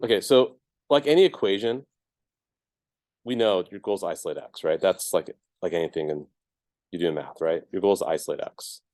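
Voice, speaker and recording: A man's voice: low voice, brisk, darkish tone, no echo. A man teaching a math class, explaining each step casually with lots of ums and checks of "right?". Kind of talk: classroom lecture.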